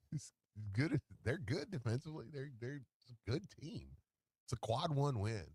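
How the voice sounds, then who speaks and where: Animated stammering male radio host. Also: mid-range voice, a little slow, husky, no room sound. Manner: animated, stammers and restarts, laughs easily. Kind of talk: casual sports radio talk. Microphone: studio microphone.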